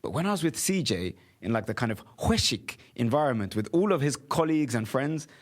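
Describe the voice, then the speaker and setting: Male podcast co-host from the UK, mid-pitched, animated and quick to laugh. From United Kingdom. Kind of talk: casual podcast conversation.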